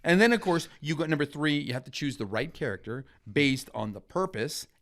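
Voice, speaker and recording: A man's voice: on the high side, fairly quick. A man co-hosting a design podcast, talking emphatically in casual chat, often checking in with "right?" and swearing now and then. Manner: animated, emphatic, talks in numbered points with frequent "right?". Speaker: podcast co-host.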